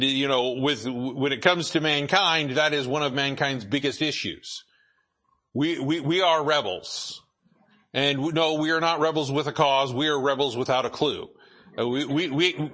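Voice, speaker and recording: A man preaching a sermon as pastor, halting with many repeated words and filler sounds. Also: medium pitch, pushed and bright.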